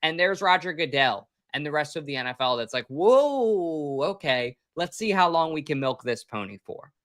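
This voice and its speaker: A man's voice: fairly high pitch, animated, fairly quick, bright, forceful tone, no room sound, clean studio sound. A man co-hosting a casual sports podcast, emphatic and opinionated. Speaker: podcast co-host.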